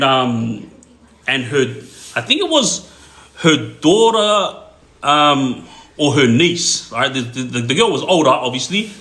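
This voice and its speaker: A man's voice: medium pitch, bright, forceful tone, roomy sound. A man telling a story casually, rambling with many fillers and laughing as he goes. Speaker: storyteller, clips page host.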